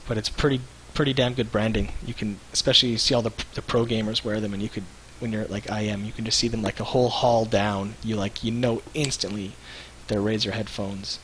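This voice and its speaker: A man's voice: lowish voice, flat delivery, fairly quick, hardly any pauses, fairly bright tone, poor audio. Canadian man, live stream co-host, loose and joking, light hiss on the mic. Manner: loose, jokey, laughs often. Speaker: show host. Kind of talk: casual live stream chat.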